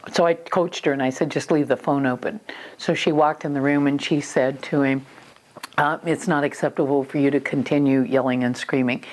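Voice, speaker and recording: A woman parenting coach giving firm, matter-of-fact advice on handling children, with some fillers and restarts. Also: extremely low pitch.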